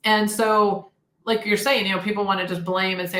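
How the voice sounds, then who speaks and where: Woman, 50s, interview guest; sharp tone with some vocal fry, roomy sound. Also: mid-range voice, flat delivery, moderate pace. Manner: effusive, storytelling, chatty. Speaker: guest inventor. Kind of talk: casual interview chat.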